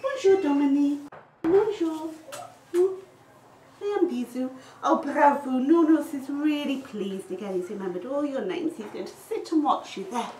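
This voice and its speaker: A woman teaching French to nursery children, speaking in a slow, exaggerated, encouraging sing-song way in a classroom. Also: high-pitched, a little mellow. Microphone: far camera. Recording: echoey classroom from far off, faint noise.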